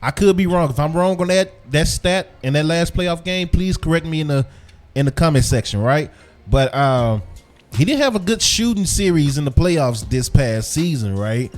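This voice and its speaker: A man's voice: on the high side, lively intonation, normal speed, a little mellow, soft background music. A man hosting a sports podcast in a loose, casual chat style, repeating himself, chewing gum as he talks. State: chewing gum while talking. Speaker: podcast host.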